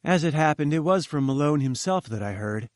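A man's voice: on the high side, fairly quick, no echo. Man reading a story aloud, dry sound. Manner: reads with lively character voices. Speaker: audiobook narrator. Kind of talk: scripted narration.

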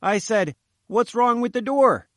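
A man's voice: extremely high pitch, expressive, a little slow, a bit bright, no echo, studio quality, pitched above the performer's own voice, full character voice. A man voicing a fat little pushy male journalist who sputters and bleats. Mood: pleading.

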